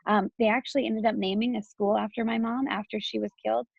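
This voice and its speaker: A woman's voice: a little high, fairly even intonation, fast talker, vocal fry, highs cut off. A woman from Texas in her thirties, speaking as an interview guest in a loose, candid flow full of "like" and restarts.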